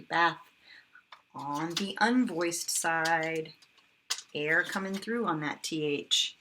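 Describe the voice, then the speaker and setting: A kindergarten teacher, a woman, sounding out words slowly and with exaggeration for young children in a phonics lesson. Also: sits low, bright, forceful tone, a little hiss or hum.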